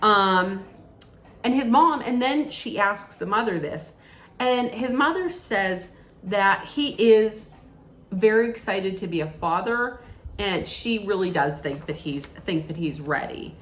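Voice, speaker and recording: A woman's voice: mid-range voice, lively intonation, slow pace, a bit bright, reverberant. A woman recapping a reality TV episode in a casual, gushing way, with lots of ums and restarts. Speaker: TV recap vlogger.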